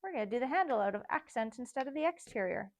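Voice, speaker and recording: A woman's voice: fairly high pitch, animated, quick pace, dry recording. A woman designer teaching a casual step-by-step sewing tutorial, chatting and thinking aloud as she works.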